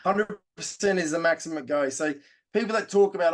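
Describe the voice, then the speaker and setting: Man, slightly high voice, blunt and punchy podcast guest. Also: a little fast. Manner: emphatic, blunt, peppers talk with "right?". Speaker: podcast guest, real estate agent. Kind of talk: casual chat.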